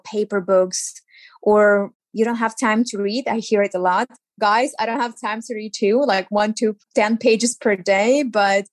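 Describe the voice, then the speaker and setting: A young actress, a woman, chatting as an interview guest and telling lively stories. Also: medium pitch, no room sound. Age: young adult. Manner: animated storyteller who acts out quotes. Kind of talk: casual interview chat.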